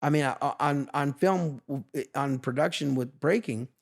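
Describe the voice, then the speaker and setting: A man in his fifties from Los Angeles, a guest in a casual interview, telling lively stories and acting out other people's lines. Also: medium pitch, normal speed, creaky. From Los Angeles, USA. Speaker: guest, veteran street dancer. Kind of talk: animated storytelling in a casual interview.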